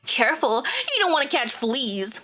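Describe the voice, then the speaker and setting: A woman's voice: sits high, big pitch swings, normal speed, sharp tone, full character voice, rough recording. A woman voicing a taunting young male camp bully with a put-on Australian accent, reading from a story game. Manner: taunting, menacing.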